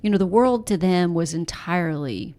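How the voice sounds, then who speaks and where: Author guest, woman, middle-aged, low voice, reflective and unhurried with fillers. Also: animated, dark tone. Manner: thoughtful, many fillers and restarts. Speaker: author and journalist, podcast guest. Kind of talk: conversational interview.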